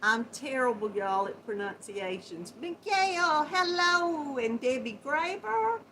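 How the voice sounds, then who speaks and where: A woman's voice: high voice, very animated, slight background noise, low-quality recording. A woman with a Southern Georgia accent, hosting a casual livestream and greeting viewers as hon and sweetheart, laughing often. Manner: warm folksy greetings with terms like hon and sweetheart; slow, chatty, laughs often. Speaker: host of a yarn chat livestream. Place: home, seated at a computer. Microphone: built-in laptop microphone.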